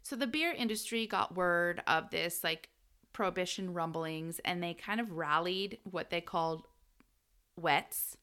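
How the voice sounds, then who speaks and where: A woman co-hosting a casual history podcast, her voice bright and clear-edged. She tells the story in an animated, loose way. She laughs often and drops a swear word here and there. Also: on the low side, unhurried. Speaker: podcast co-host.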